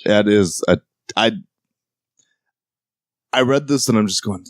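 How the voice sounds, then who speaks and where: A man co-hosting a casual comic book podcast, talking in an excitable way and swearing when worked up. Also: fairly low pitch, takes it slowly, pauses often, no room sound, clean studio sound. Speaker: podcast co-host.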